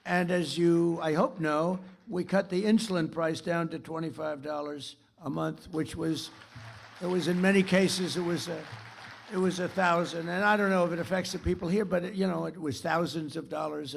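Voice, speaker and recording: Gravelly boastful man giving a rambling speech. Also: fairly high pitch. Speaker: keynote speaker. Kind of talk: political speech. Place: stage of a large theater.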